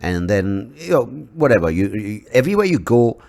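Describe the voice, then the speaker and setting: A man hosting his own podcast, talking casually in a rambling, profane way, often restarting and sharply raising his pitch for emphasis. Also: normal speed. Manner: animated, jumps in pitch to stress points. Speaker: podcast host. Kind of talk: casual solo podcast monologue.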